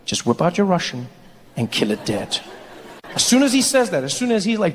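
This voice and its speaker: A man performing a stand-up comedy set, animated, conversational and playful. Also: high-pitched, a little fast. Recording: hall reverb, faint noise.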